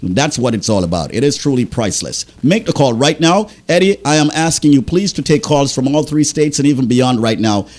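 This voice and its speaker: A man's voice: mid-range voice, animated, a little fast, hardly any pauses, darkish tone. A man hosting a radio show, agitated and pleading, tripping over his words as he urges listeners on in a studio. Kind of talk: impassioned radio sales talk.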